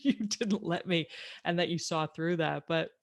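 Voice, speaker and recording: A woman's voice: fairly low pitch, unhurried, vocal fry. A woman hosting a casual interview podcast, sharing candid personal stories with her guest. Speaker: podcast host.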